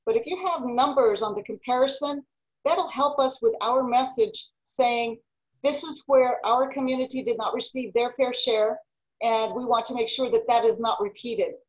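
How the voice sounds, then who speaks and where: A woman's voice: a little high, normal speed. A woman elected official making firm panel remarks over a video call. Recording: dull lo-fi video call audio.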